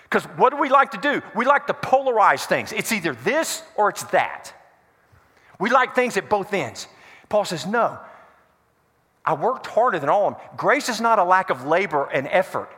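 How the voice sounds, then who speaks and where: A man's voice: sits high, sharp tone. A man preaching a sermon to a congregation, quizzing them with call-and-response questions. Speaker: pastor. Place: church hall before a congregation. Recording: echoey hall reverb.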